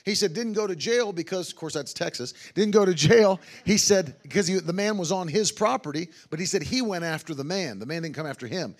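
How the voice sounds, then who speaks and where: High-voiced fervent revival preacher. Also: male voice, expressive, brisk, few pauses. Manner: fervent, exclaims hallelujah, quotes others in his own voice. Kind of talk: testimony-driven sermon storytelling.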